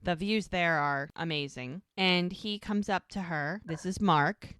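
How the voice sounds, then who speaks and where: A woman's voice: on the low side, measured pace, a bit bright, clean tone, no echo, studio quality. A woman co-hosting a casual podcast, retelling a TV episode scene by scene and acting out the characters' lines. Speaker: podcast co-host. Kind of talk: casual rewatch podcast recap.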